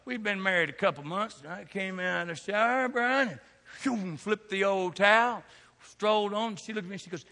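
A middle-aged man preaches a sermon in a high, bright voice. He tells funny stories and stumbles through quick restarts as he works the congregation. His voice rings out with the long reverb of a large church hall. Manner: animated storytelling with humor and rapid restarts. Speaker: pastor. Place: church sanctuary before a congregation.

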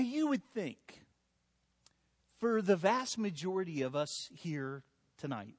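High-voiced pastor preaching conversationally. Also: male voice. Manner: conversational, self-deprecating humor. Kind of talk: sermon.

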